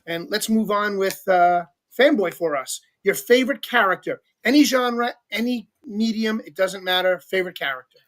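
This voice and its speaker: Stream host, man, high voice, upbeat, shout-outs and question prompts. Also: normal speed. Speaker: show host. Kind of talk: live-stream talk show hosting.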